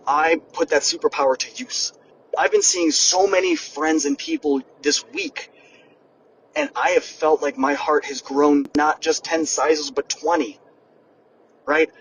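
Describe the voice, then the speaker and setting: A young man hosting a podcast and giving a lively motivational monologue, speaking straight to his listeners. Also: on the high side, measured pace, pauses often. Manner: energetic, addresses listeners directly. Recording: distant mic with background noise, poor audio.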